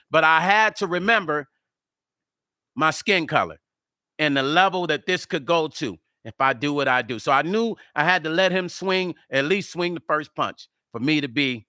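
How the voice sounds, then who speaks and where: A man vlogging to camera, telling a story in a casual, animated way, acting out the quoted lines and swearing freely. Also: on the high side, clear, resonant tone, no echo, studio quality. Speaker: music vlogger.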